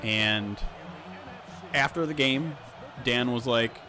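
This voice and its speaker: A man's voice: medium pitch, takes it slowly, over music. A man hosting a livestream as a sports reporter, rambling casually with loose swearing.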